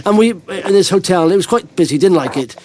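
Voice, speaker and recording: A man's voice: high-pitched, lively intonation, fast, a little mellow, a little hiss or hum. A middle-aged man hosting a podcast, telling rambling anecdotes in casual chat and chuckling often. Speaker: podcast host.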